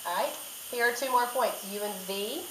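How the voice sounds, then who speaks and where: In a classroom, a woman teacher walks through a recorded math lesson step by step, repeating the key points. Her voice is fairly high and her speed normal, and the room sounds echoey with faint background noise.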